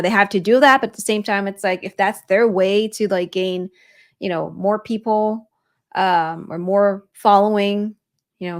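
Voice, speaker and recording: Relaxed woman co-hosting, full of fillers. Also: medium pitch. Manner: relaxed, hesitant, with many fillers. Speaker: podcast co-host. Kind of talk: casual chat.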